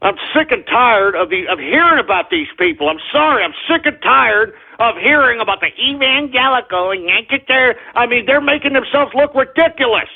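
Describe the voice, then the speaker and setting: Male radio host, furious ranting delivery, husky tone, tinny phone-like audio. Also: very high voice, lively intonation, normal speed, hardly any pauses. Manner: angry, insulting, ranting. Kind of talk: political talk radio rant.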